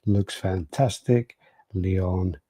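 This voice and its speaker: A man's voice: deep voice, fairly even intonation, extremely slow, dark tone, slightly rough, dry recording. A British man co-hosting a podcast, casually telling stories and reading out live chat messages. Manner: rambling storyteller, acts out quotes. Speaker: podcast co-host.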